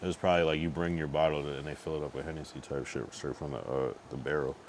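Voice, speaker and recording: A man's voice: a bass voice, steady tone, fast talker, slight background noise. A man streaming late at night, a bit tipsy, rambling loosely with plenty of profanity as he reacts to things on screen. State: tipsy from drinking.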